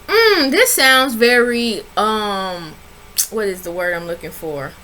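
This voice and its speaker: A woman's voice: extremely slow, pauses often, slight background noise. Sassy woman recapping reality TV. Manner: animated, sassy storytelling with big pitch jumps when quoting people. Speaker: reality TV reviewer. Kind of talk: casual recap vlog.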